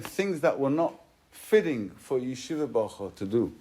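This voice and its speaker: Mid-range in pitch, the man speaks at a moderate pace. He is a rabbi leading a Torah class as a sermon, recounting a story with emphasis, alternating loud and quiet moments, and sprinkling Hebrew and Yiddish terms into his English.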